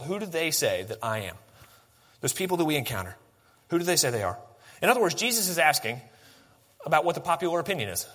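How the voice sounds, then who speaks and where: A young man preaches in a high, bright voice, breaking into casual asides and pressing the room with rhetorical questions. His words ring out with the long reverb of a church hall. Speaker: pastor. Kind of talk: sermon.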